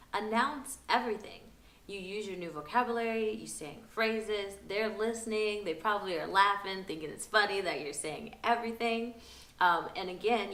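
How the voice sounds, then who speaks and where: A woman's voice: mid-range voice, a bit bright. A young woman giving parenting tips in a casual, upbeat vlog, chatty and laughing easily. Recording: roomy echo.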